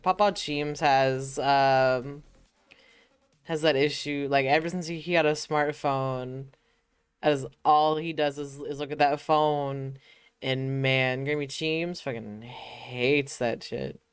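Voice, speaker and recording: Woman streamer, low pitch, laid-back swearing banter. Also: fairly even intonation, slow, clear, resonant tone, no room sound, faint music behind. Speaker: streamer host. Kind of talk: casual chat while gaming.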